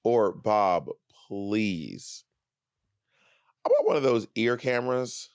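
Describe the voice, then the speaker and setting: A man in his thirties co-hosting a podcast, chatting casually with a playful, teasing manner and drawn-out emphasis. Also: medium pitch, wildly swooping pitch, a little mellow, clean tone, no echo, studio quality. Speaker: podcast co-host. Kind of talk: casual chat.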